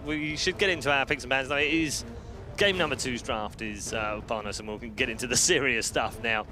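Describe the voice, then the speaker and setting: A man's voice: medium pitch, fairly quick, over music. A man from the UK, hosting an esports panel in a chatty, teasing way. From United Kingdom. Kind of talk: casual panel chat.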